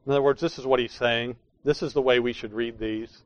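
A male pastor preaches with emphatic, explanatory force, stressing key words in a steady tone at an ordinary middle pitch. He talks briskly with hardly any pauses. The recording is dry and slightly dull with no room echo.

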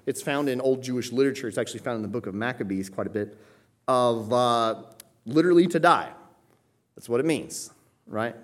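A man preaching a sermon, explaining a passage verse by verse, often checking in with "okay?" and "right?" and stressing quoted scripture with raised emphasis. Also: fairly low pitch.

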